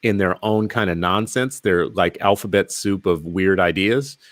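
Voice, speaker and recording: A man's voice: sits low, normal speed, a bit bright, no echo. A male podcast host in casual interview conversation, talking emphatically and firing off rhetorical questions.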